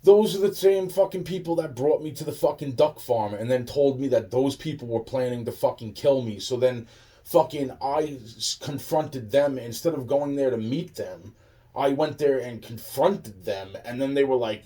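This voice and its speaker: A man's voice: mid-range voice, moderate pace, warm tone, recorded from a distance. A man in a rambling, profane monologue, restarting his sentences again and again.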